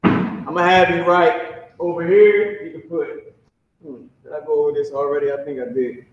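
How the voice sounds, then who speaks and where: A slightly high-voiced man leads a casual classroom lesson, speaking in loose slang and repeating each sound slowly for his students. He is recorded from across a very echoey room, and the sound comes through muffled. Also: steady tone, recorded from a distance. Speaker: language teacher. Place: classroom with a whiteboard.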